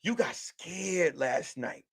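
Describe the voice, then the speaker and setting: A man vlogger delivering a loud, mocking comedic rant straight to camera. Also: a little high, lively intonation, takes it slowly, slightly rough.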